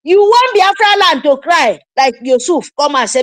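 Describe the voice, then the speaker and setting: Emphatic Nigerian woman, high and lively. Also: normal speed, no echo. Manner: emphatic, repetitive, urgent pleading. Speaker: activist commentator. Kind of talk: impassioned political address.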